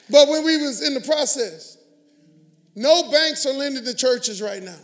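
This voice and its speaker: Very high-voiced preacher man. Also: animated, unhurried. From Houston area, US. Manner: emphatic call-and-response preaching. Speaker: pastor. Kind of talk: sermon.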